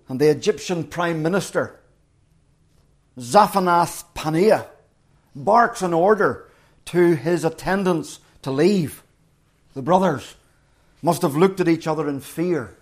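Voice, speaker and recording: A man's voice: on the high side, slow pace. A middle-aged man preaching a sermon, retelling a story dramatically and acting out the quotes.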